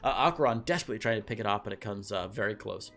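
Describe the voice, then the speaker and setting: A young adult man casting an esports match, excitable and quick to laugh. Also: on the low side, soft background music. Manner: lively, excitable, laughs often. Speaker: esports caster. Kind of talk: animated play-by-play commentary.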